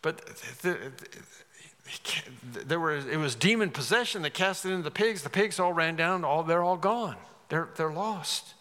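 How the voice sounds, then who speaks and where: Bright-voiced preacher in an echoey hall. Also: male voice, on the high side, lively intonation, normal speed. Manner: earnest, emphatic, with restarts and sudden rises. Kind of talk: sermon.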